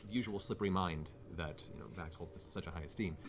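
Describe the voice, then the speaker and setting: A man narrating a tabletop game as game master, with descriptive, fast narration. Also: low voice. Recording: noisy stream audio.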